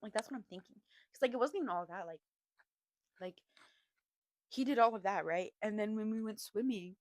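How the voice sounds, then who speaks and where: A young adult woman hosting a podcast, telling a story in a chatty, animated way, laughing often and filling her talk with "like.". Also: medium pitch, brisk, no echo. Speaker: podcast host. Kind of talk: casual storytime chat.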